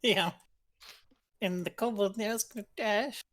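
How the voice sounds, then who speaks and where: A woman acting as game master, calmly narrating enemy moves in a live-streamed tabletop game. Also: mid-range voice, unhurried. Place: home streaming setup.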